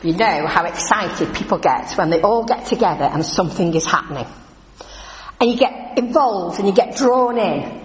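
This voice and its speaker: A woman preaching in a chatty, animated storytelling way in a church. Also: fairly high pitch. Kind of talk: lively church talk. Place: church hall. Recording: echoey church hall from a distance.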